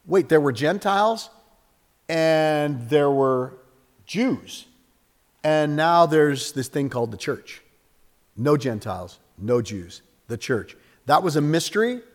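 A man preaching a sermon with lots of energy, acting out little scenes and jumping up and down in pitch and loudness. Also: unhurried, long pauses, long reverb tail. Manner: animated, acts out little scenes with sudden jumps in pitch and volume. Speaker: pastor.

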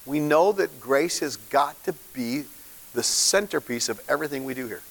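A man's voice: mid-range voice, normal speed, vocal fry. A man, a pastor, giving an informal, conversational sermon and asking the congregation questions. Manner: informal, animated, asks the room questions. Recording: long hall reverb.

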